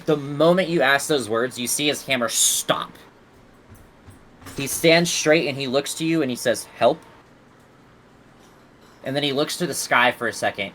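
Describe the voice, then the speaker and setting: A man narrating a tabletop game as its game master, describing the scene in a loose, casual way with plenty of fillers. His pitch sits mid-range for a man, and a faint hiss of noise runs beneath his voice. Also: moderate pace, a bit bright, low-quality recording.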